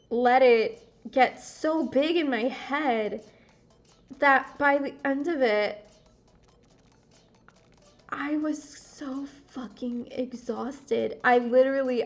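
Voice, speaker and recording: Young woman, confessional gaming vlogger; rambles, swears freely, keeps cutting herself off. Fairly high voice, dull lo-fi audio. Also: extremely slow, pauses often, faint music behind. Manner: rambling, swears often, self-interrupting.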